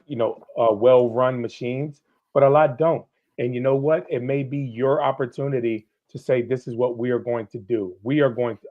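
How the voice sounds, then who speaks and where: A former police officer guesting on a livestream speaks candidly and passionately, cursing freely as he gets fired up. His medium-pitched voice comes through a muffled recording.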